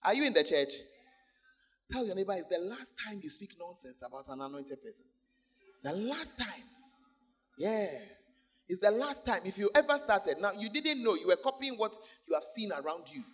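High-voiced man preaching a lively sermon. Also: normal speed, breathy edge. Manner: animated, calls out to the congregation, laughs between points. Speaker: pastor.

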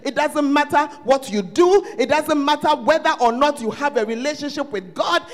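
A man with a Ghanaian English accent, preaching a sermon as pastor at a church service, swinging between shouted lines and hushed asides. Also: very high-pitched.

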